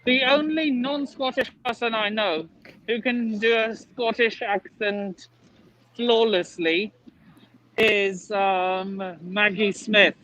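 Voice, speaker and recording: A man's voice: high-pitched, fairly even intonation, pushed and bright, slight background noise, poor audio. A man chatting on a stream, hesitating and searching for words. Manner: slow, hesitant, halting. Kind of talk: casual chat.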